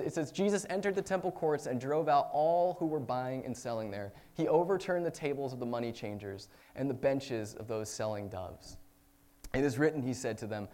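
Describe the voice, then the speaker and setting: A man preaching a sermon in a conversational way, with fillers and self-corrections, rising to loud emphatic peaks and dropping to quiet reflection. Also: fairly high pitch. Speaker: pastor.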